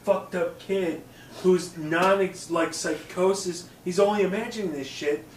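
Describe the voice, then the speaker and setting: A man with a high voice reacts to a movie with exasperated, animated disbelief. He is recorded from a distance in a reverberant room. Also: unhurried, slight background noise. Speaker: co-host. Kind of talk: casual movie review chat.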